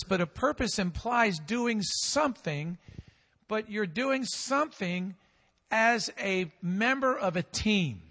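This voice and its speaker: Bright-voiced man preaching in a hall. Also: sits high. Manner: rephrases and repeats points, asks the listeners questions. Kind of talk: sermon.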